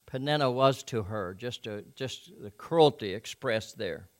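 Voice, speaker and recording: A preacher delivering a sermon, reading scripture and making conversational, folksy asides to the congregation. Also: male voice, on the low side, a little slow, few pauses.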